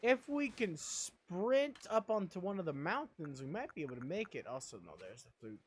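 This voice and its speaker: A man's voice: high-pitched, big pitch swings, normal speed, slight background noise. A man streaming a video game, rambling playfully to himself as he plays. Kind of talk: casual gameplay commentary.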